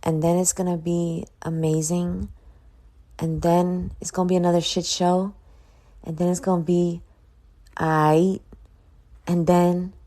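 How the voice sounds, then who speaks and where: A woman with a fairly low, warm voice delivers a rambling, motivational solo podcast monologue, yawning sleepily and swearing now and then. She speaks at a measured pace with little pitch movement and pauses often.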